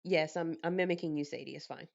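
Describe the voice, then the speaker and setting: A lower-voiced woman chats casually to camera from her apartment, telling stories with plenty of life and frequent laughter. The recording is a bit dull and lo-fi. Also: fast, gravelly. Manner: animated, laughing storyteller. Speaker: vlogger.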